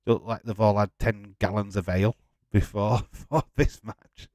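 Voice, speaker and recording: Man, lowish voice, dry close mic, casual watch-along host who swears and laughs a lot. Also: steady tone, normal speed, darkish tone, dry recording. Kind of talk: live football watch-along chat.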